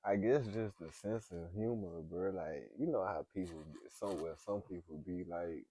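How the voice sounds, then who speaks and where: Very deep-voiced laid-back man. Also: normal speed, breathy edge. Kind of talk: casual chat. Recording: loud background noise.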